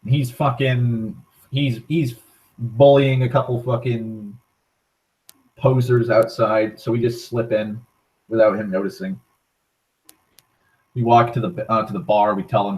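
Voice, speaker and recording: A man's voice: fairly low pitch, unhurried, pauses often. A man casually retelling a tabletop game session, swearing constantly and acting out the characters' lines. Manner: heavy swearing, rambling with restarts; animated, acting out quoted lines. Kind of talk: casual storytelling monologue. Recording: voice a bit far from the mic.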